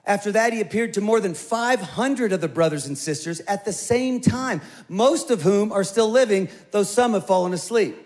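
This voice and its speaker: A middle-aged man who is the pastor, preaching a sermon in a conversational, animated storytelling way with playful asides. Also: high-pitched, normal speed, few pauses.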